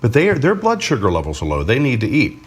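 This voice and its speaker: A man's voice: mid-range voice, fast, husky. A middle-aged man, a counselor, explaining emotions and boundaries in a casual faith talk, acting out little bits of dialogue as he goes. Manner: animated, acts out little dialogues. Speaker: counselor co-host. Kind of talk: conversational teaching on faith and emotions.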